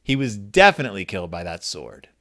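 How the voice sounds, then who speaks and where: A man's voice: on the low side, big pitch swings, quick pace, bright, forceful tone. A middle-aged man hosting a podcast, reading a children's book aloud with wry, self-deprecating commentary and mumbled asides. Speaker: podcast host.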